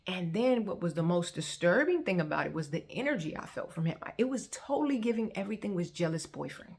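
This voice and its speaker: A woman's voice: mid-range voice, quick pace, few pauses. A woman in her thirties telling her personal testimony in a conversational, storytelling way. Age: 30s. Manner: conversational, animated when quoting others. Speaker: testimony vlogger.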